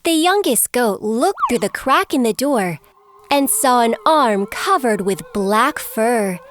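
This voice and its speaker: Woman reading a kids fairy tale, high singsong voice, slow, music playing. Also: slight background noise. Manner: clear, lilting, expressive. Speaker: narrator. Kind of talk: scripted bedtime storybook narration. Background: background music.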